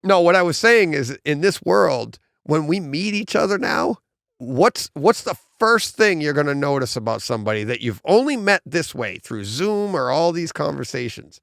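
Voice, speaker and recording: A man's voice: a little high, very animated, normal speed, gravelly, fairly bright tone, dry recording, clean studio sound. A middle-aged man with a Boston accent, hosting a podcast in rambling casual chat and laughing often. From Massachusetts. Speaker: podcast host.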